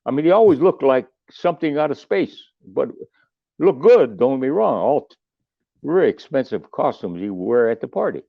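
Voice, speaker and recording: A man's voice: medium pitch, big pitch swings, moderate pace, creaky, no room sound. An older man, a musician guest on a podcast, telling long rambling stories with salty asides and restarts. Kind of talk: casual storytelling. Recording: tinny phone line, dry.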